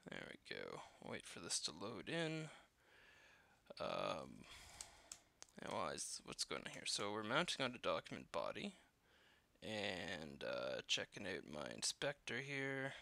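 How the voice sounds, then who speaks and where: A man's voice: deep voice, huge pitch swings, takes it slowly, creaky, bright, forceful tone, no room sound. A man walking through code as he builds a game, thinking aloud with lots of fillers and self-deprecating asides. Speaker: programmer live-coding a game. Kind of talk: casual coding walkthrough.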